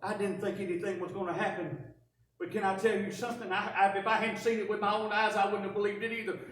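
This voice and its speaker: A woman preaching a first-person dramatic sermon, telling the story in an animated, wry way. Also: medium pitch, quick pace. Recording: echoey church from a distance.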